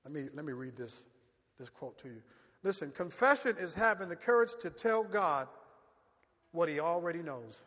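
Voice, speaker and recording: Bright-voiced male preacher in a hall. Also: a little high, sing-song, normal speed. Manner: call-and-response preaching, repeats "listen". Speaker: pastor. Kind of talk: sermon.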